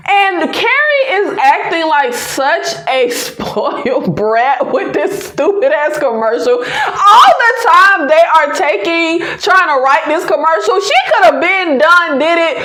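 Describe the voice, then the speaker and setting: A woman's voice: very high-pitched, sing-song, slow pace, pushed and bright. A young woman, giving an exasperated, profane TV recap full of sighs and repeated "I can't". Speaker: TV recap reviewer. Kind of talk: ranting casual review. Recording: echoey room.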